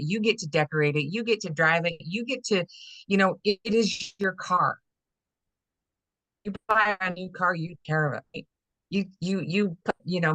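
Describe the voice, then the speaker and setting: A woman's voice: sits low, a bit bright, no room sound. A woman holistic fitness and life coach, a guest in a conversational podcast interview, talking earnestly in a rambling way with many fillers. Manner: rambling and earnest, many "you know" fillers, acts out inner dialogue.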